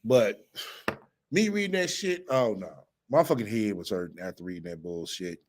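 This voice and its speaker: A man hosting a casual commentary stream. He swears freely, mocks and laughs often, and his voice swings up and down with lively pitch. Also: normal speed, slight background noise. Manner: profane, mocking, laughs often. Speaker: host.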